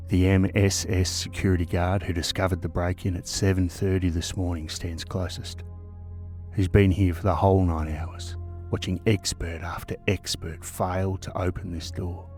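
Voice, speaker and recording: A man hosting a podcast, telling a true-crime story in a measured, suspenseful narration that sometimes drops to a hush. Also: deep voice. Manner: measured, suspenseful storytelling, dropping to hushed tones. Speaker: podcast host.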